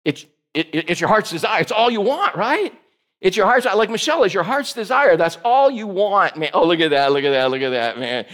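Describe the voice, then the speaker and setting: A man's voice: sits high, expressive, a little fast, fairly bright tone. A man preaching a casual, joking sermon to a small group, teasing listeners by name. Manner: jokey, teasing listeners by name, playful asides. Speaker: pastor.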